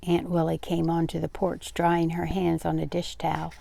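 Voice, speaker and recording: An older woman reading a novel aloud in a steady, unhurried way. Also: on the low side, gravelly, dry recording. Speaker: read-aloud host.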